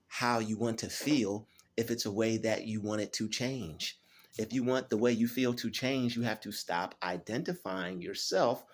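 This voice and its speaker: A man hosting his channel, giving a motivational self-help talk, often checking in with "all right?" and slowing down to stress key phrases. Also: on the low side. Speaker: channel host.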